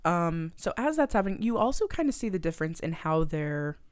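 Chatty young woman co-host, lowish voice. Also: sing-song, fairly quick, smooth, dry recording. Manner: chatty, swears a lot, acts out quotes. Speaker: podcast co-host. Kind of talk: casual chat.

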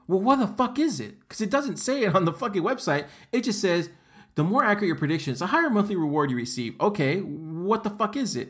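A man's voice: medium pitch, a bit bright. A man hosting a crypto podcast, ranting with heavy profanity and an exasperated, heated delivery while reading website text aloud. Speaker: podcast host.

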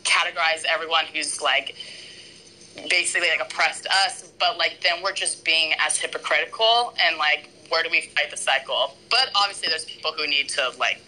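A woman's voice: low-pitched, moderate pace, sharp tone, slight background noise, low-quality recording. A young woman in casual chat, talking in a chatty, reflective way with lots of fillers.

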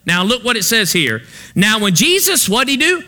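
Pastor guy preaching, high voice, really bright and ringing, keeps tossing "what?" back at the crowd. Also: sing-song, normal speed. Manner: preacherly, fill-in-the-blank questions to the congregation. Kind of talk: sermon.

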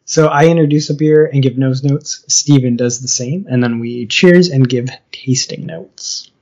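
A man's voice: mid-range voice, darkish tone. Guy cohosting a chill podcast, friendly, laughs a lot, kinda muffled audio. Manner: friendly, laughs easily, quick asides. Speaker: podcast co-host. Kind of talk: casual chat.

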